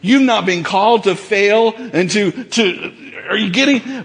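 A man with a high, ringing voice preaches a fervent, folksy sermon that swells into shouts. His voice carries a long reverb off the walls of a large church hall. He talks plainly and colloquially to his congregation. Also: lively intonation, a little slow, few pauses. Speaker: pastor. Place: church sanctuary.

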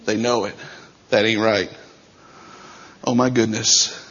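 Middle-aged pastor guy preaching hard, slow and bright, kinda muffled recording. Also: on the low side, flat delivery, slightly rough. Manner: fiery preaching that swings between shouting and quiet talk. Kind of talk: sermon.

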